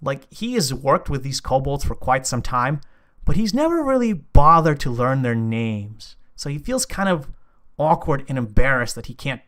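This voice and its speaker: A man's voice: mid-range voice, sing-song, normal speed, fairly bright tone. A man narrating a tabletop game as game master, in a casual, filler-heavy way.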